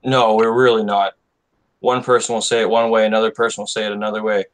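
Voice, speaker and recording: A man speaking as a native English co-host in a casual chat, relaxed and joking at times. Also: lowish voice, fast, poor audio.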